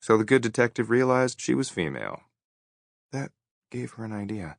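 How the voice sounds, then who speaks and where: A man narrating a romance audiobook in a soft, measured, intimate way. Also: mid-range voice, animated, vocal fry, no room sound, clean studio sound. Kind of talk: scripted narration.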